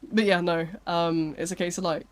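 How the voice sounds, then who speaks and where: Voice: medium pitch, fairly even intonation, moderate pace. A live streamer chatting casually with viewers, rambling a little and filling gaps with "like" and "um". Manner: chatty and rambling, with frequent "like" and "um" fillers.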